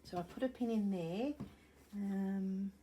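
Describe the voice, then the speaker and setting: A sewing crafter from Australia talks slowly in a medium-pitched voice that is dark and husky. She chats and thinks out loud in a casual home crafting vlog, rambling and correcting herself, with a camera set up nearby in her wooden-floored room.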